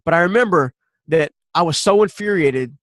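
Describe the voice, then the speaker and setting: A man in his forties talks through a personal story as a podcast guest, earnest and animated, circling back to restart his sentences. His voice sits a touch high for a man. The sound is dry and close, with no room echo. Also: moderate pace. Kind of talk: personal storytelling in a conversational interview.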